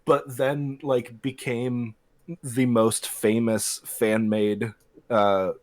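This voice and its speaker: Slow-talking laid-back man. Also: medium pitch, flat delivery. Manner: unhurried, many fillers, laughs and swears. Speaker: friend on stream. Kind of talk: casual chat.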